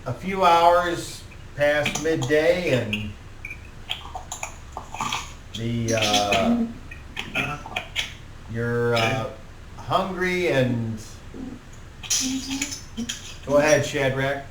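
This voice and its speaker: A man running a tabletop game as game master, narrating haltingly with many fillers. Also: medium pitch, animated. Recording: roomy, distant mic, noticeable hiss.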